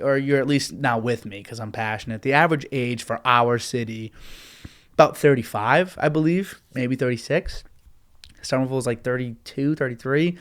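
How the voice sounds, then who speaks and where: Young man, solo podcast host; rambling, profane, animated rant at a middle pitch. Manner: rambling, swears often, animated complaining.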